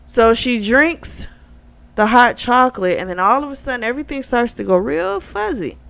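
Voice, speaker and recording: A woman's voice: on the high side, expressive, moderate pace, creaky, fairly bright tone, no room sound. A woman casually recapping a novel's plot, talking through the characters' lines with lots of fillers. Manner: chatty, retells with quoted dialogue and many fillers. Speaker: book club vlogger.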